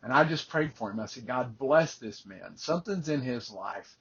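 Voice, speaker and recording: A man's voice: medium pitch, animated, moderate pace, breathy edge, lo-fi sound. An older man, a life coach, earnestly telling a personal faith story and often repeating words as he starts a phrase.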